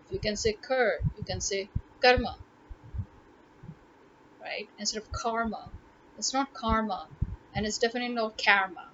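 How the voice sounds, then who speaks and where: Talking fast with few pauses, this woman language tutor uses a medium-pitched, fairly even voice as she addresses the camera casually and emphatically, repeating words to stress her points. The sound is lo-fi with slight background noise.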